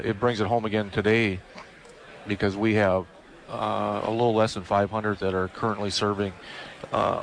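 Military guy on the radio, flat gravelly voice, lots of uhs. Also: on the low side. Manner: measured, flat delivery with many "uh" fillers. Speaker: military guard official, radio guest. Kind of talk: radio interview.

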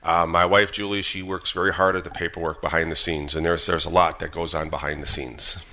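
Low-voiced earnest man, radio guest. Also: a little fast. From Minnesota. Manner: earnest, steady, with fillers. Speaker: guest, Gold Star father. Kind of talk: radio interview, personal story.

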